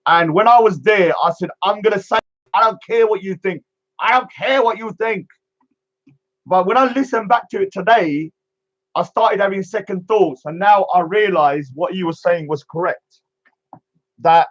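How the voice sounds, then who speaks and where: Man, vlog commentary, mocking and repetitive, high voice, muffled recording. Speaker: street speaker and vlogger.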